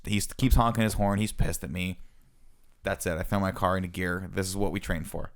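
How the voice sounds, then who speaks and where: A man's voice: low voice, steady tone, a little fast. A man in his thirties, a podcast co-host, telling a self-mocking story in casual chat. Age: 30s.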